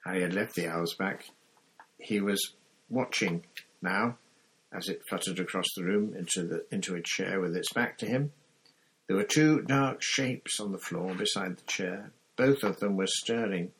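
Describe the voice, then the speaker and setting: A man reading an audiobook chapter with measured, expressive storytelling. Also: low voice, husky. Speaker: audiobook narrator. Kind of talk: scripted narration.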